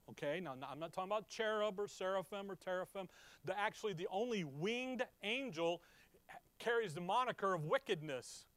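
Man, high voice, conversational and emphatic Bible teaching, dry close sound. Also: no room sound. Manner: conversational, asks the listeners questions; emphatic, swings from loud to quiet. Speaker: preacher.

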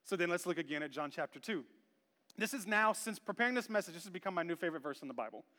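A man in his thirties preaching an animated sermon as a pastor, playful, moving from quiet talk into shouting. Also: high-pitched, fast. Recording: long church hall reverb.

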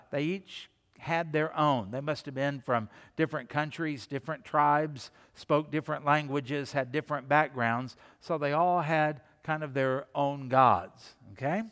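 Male pastor, slightly higher voice, preaching a sermon, repeats lines, sinks to soft low tones for emphasis, long hall reverb. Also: measured pace, few pauses, clear, resonant tone.

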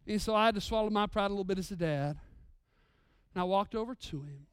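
Pastor in his thirties, male, smooth clear voice, dry close sound, dynamic sermon delivery from loud to hushed. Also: high voice, quick pace, no echo.

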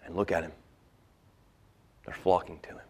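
A man's voice: sits low, unhurried. A man preaching a sermon, speaking in first person as an earnest, contented prophet who drops to near-whispers. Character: a humble, contented male prophet speaking of Christ.

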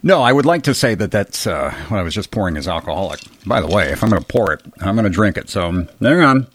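Low-voiced man in his fifties, rambling. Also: sing-song, quick pace, a bit bright, slight background noise. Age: 50s. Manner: self-deprecating, chuckling asides. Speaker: podcast host. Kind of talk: rambling solo monologue. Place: bedroom.

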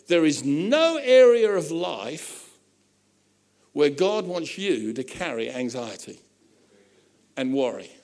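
A man preaching to his congregation, his voice sitting high and swinging widely as he builds his points. He talks conversationally, slipping into joking asides and playful voices for the people in his stories. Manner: animated preaching with humorous asides. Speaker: pastor. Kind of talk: sermon.

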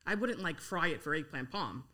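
A young woman with a Queens New York accent, chatting frankly as a guest about home cooking and gardening, blunt and quick to swear. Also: sits low, animated, crowd noise. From Howard Beach, Queens, New York. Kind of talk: casual podcast chat.

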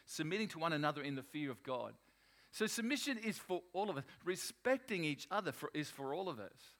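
A male pastor preaching a sermon in an animated, emphatic way, often restarting his sentences. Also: on the high side.

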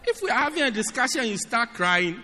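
A man preaching a sermon in an animated, humorous way, often asking his listeners if they get it. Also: very high-pitched, normal speed. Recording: long reverb of a large hall.

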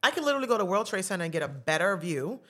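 A middle-aged woman with a New York accent, a guest on a podcast, talking in a blunt, animated and outspoken way. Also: mid-range voice, very fast. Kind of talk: casual chat.

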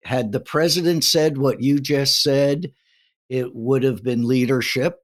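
Measured guy on a politics panel, takes his time. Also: medium pitch, steady tone. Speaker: panel guest. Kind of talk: political discussion.

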